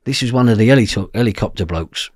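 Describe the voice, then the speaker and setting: A podcast guest tells a story from his past, blunt and swearing freely, often asking "do you know what I mean." His voice is lowish and darkish, with lively intonation and a quick pace. The studio recording is clean, with no room sound.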